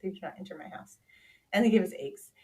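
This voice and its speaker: A woman's voice: fairly low pitch, expressive, quick pace, darkish tone. A woman in her thirties chatting casually on a podcast, telling family stories and quoting people in little voices. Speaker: podcast guest, Charli's sister. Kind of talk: casual storytelling chat.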